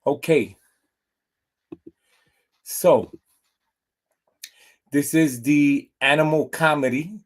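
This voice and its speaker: A man's voice: fairly high pitch, very slow, long pauses. A man hosting a pet show in a casual, rambling way with many fillers, talking to camera at home. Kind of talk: casual vlog chat and joke telling. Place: at home with his dog.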